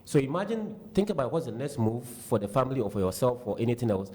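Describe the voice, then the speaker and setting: A Ghanaian man speaking heartfelt and animated as a radio guest. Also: medium pitch. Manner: fast, heartfelt, animated storytelling. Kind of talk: candid radio talk. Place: radio studio.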